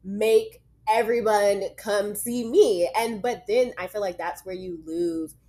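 A woman's voice: mid-range voice, steady tone, slow pace, dark tone. Casual woman host asking questions. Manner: casual, asks questions, frequent fillers. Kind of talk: casual chat.

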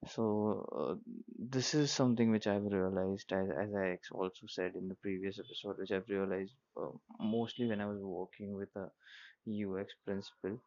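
A low, gravelly man's voice, strained by a sore throat, holds a flat, even tone. He talks slowly and hesitantly, with many fillers and restarts. The recording is dull and lo-fi. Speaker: podcast host. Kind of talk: casual solo monologue.

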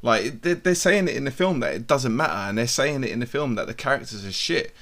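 A man's voice: mid-range voice, lively intonation, fairly quick, a bit bright. A man co-hosting a casual film review chat, blunt and rambling, swearing freely.

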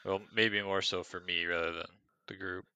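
A man's voice: sits low, flat delivery, normal speed, bright, forceful tone, clean tone, no echo, rough recording. A man playing a tabletop game, talking casually and a bit hesitantly, partly in character. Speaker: player.

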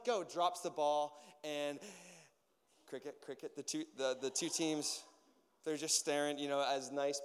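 Male pastor, mid-pitched, chatty and animated, preaching in a church hall with long reverb. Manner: animated storyteller, acts out voices, many fillers. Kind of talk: casual sermon with personal stories.

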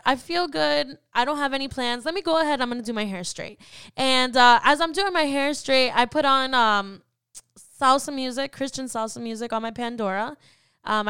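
A woman's voice: fairly high pitch, a bit bright, smooth, dry recording, clean studio sound. A young woman hosting a podcast, telling a personal story in a heartfelt way that turns emotional at times. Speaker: podcast host.

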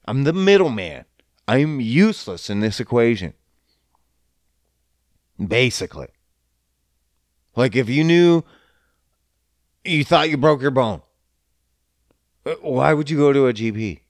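A man's voice: medium pitch, animated, a little slow, pauses often, dry recording. A man in a casual, profane rant who swears often and slips into mocking voices. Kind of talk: casual ranting monologue.

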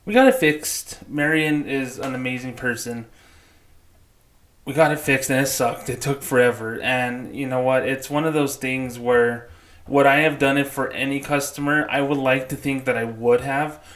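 A man's voice: mid-range voice, fairly bright tone. Blunt, profane man ranting. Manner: blunt, profane, repeats "okay?" for emphasis. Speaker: former bank employee turned customer advocate. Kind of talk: casual ranting monologue.

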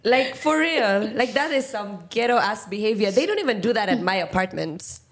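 A young woman, a podcast co-host in casual chat, listening sympathetically and chiming in with quick remarks. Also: medium pitch, animated.

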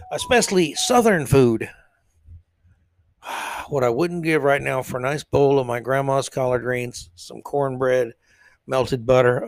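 A man's voice: a little high, a little slow, no room sound. A man hosting a solo commentary podcast, sarcastic and rambling with blunt asides. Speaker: podcast host.

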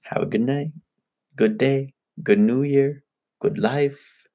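A man co-hosting a podcast, chatting casually and joking around with quick asides. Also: medium pitch, warm tone. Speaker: podcast co-host. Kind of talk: casual chat.

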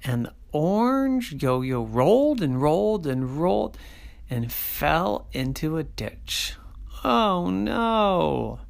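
Slow, gravelly children's storyteller. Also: mid-range voice, big pitch swings. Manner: slow, sing-song, dropping to soft asides.

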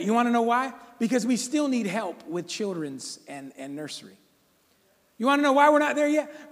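A male pastor preaches to his congregation, exhorting them and teasing them with jokes. His high voice leaps around animatedly from phrase to phrase. A long church reverb hangs on every line. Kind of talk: sermon. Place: church sanctuary.

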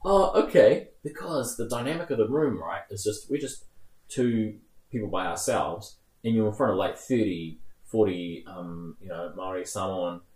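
A man's voice: low-pitched, moderate pace. A man in his thirties with a New Zealand accent, rambling through stories in casual chat. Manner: rambling, animated, laughs while telling stories. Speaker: guest. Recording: roomy echo.

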